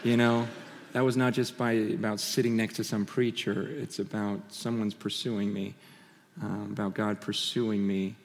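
A man preaching a sermon through personal stories, impassioned and swinging between loud and hushed, on a large hall stage. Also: fairly low pitch, flat delivery, moderate pace. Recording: long hall reverb.

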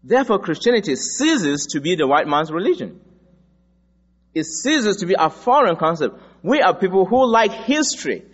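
A man from Africa delivers a sermon, moving between personal stories and firm, emphatic teaching. His voice sits a little high for a man. The recording is dull, with the long echo of a large hall. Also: very animated, moderate pace. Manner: storytelling, emphatic. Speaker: preacher.

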